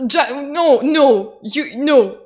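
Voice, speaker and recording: A young woman streaming a game, reading dialogue aloud and reacting excitably with stammers and shrieks. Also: high-pitched, very slow. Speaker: gaming streamer. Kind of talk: let's play commentary with voiced lines.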